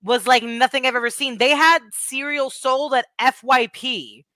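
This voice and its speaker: Bright, crisp-voiced woman gushing as a fan. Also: sits high, fairly even intonation, moderate pace, no echo. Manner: gushing, rambling fan talk. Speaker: podcast guest. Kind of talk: casual chat.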